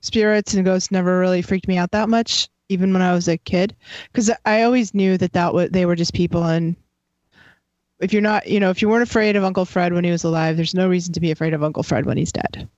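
A woman's voice: on the low side, fairly even intonation, quick pace, darkish tone, dry recording. A woman who teaches psychic students, talking in a chatty, rambling way with many fillers. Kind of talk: casual conversation. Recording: dry, slightly dull sound.

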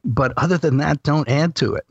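A man talks in an easy, explanatory way, his voice gravelly with a touch of fry. The sound is dry, with no room around it. It is also slightly muffled and lo-fi. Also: a little high, moderate pace, dry recording. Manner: calm, explanatory, matter-of-fact. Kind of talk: casual conversation.

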